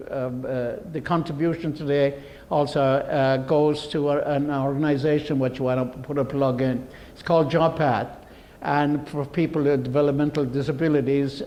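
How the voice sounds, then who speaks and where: A man's voice: mid-range voice, a little mellow. An older man giving a humorous public talk, telling rambling, jokey stories. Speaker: guest speaker.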